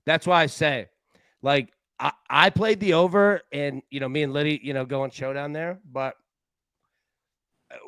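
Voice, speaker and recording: A man hosting a live sports betting show, talking in a casual, excitable way full of slang and stammered restarts. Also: on the high side, normal speed, pauses often, clean tone, dry recording, low-quality recording.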